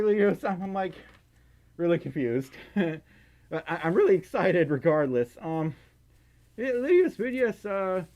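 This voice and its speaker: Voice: mid-range voice, a little mellow. Breathless, giggly livestreamer. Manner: giggly, flustered, stumbling over words. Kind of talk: casual livestream chat reading donations.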